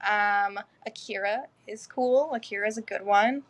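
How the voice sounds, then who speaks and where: A woman's voice: medium pitch, moderate pace. A woman guest in a casual interview who chats freely, laughs often and swears now and then.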